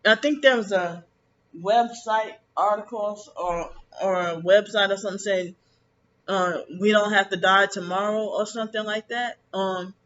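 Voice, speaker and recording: Guy with a high bright voice rambling on and restarting a lot, resentful, muffled lo-fi recording. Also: fairly even intonation. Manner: rambling, halting, many restarts; bitter and resentful about family. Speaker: vlogger. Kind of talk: casual personal monologue. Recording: dull lo-fi with faint background noise.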